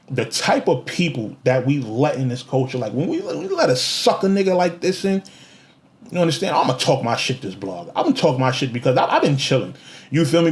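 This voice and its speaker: A young man fires off a heated vlog rant, taunting and repeating himself to hammer each point home. His voice sits a little high for a man and swings widely in pitch. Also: a little mellow. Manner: confrontational, mocking, repeats himself for emphasis. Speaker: vlogger.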